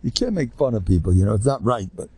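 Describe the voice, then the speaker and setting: Gravelly older man telling animated stories. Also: lowish voice, fast. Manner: animated, jokey, acts out quoted people, mixes in Hebrew and Yiddish terms. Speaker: rabbi. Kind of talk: storytelling talk to a live audience.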